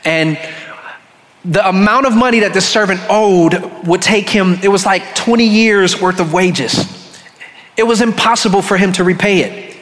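A man's voice: high voice, moderate pace, fairly bright tone. A male pastor preaching a sermon in a conversational way, acting out the story's voices as he goes. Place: church sanctuary. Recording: church hall with long reverb.

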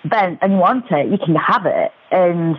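A British woman telling a personal story as a radio guest, chatty and animated, with many restarts. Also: on the low side, moderate pace, husky. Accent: British English. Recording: muffled radio broadcast.

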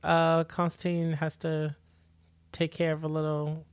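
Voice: medium pitch, completely flat delivery, measured pace, clear, resonant tone, dry recording, studio quality. A podcast co-host in casual chat, laying out an opinionated take with restarts. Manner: opinionated, building an argument with restarts.

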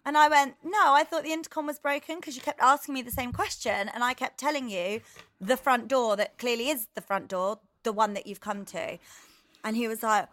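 Bright, higher woman co-host, lively storyteller, dry close sound. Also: brisk, dry recording. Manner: animated storyteller, acts out quotes, swears freely. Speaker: podcast co-host. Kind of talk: casual chat, anecdote.

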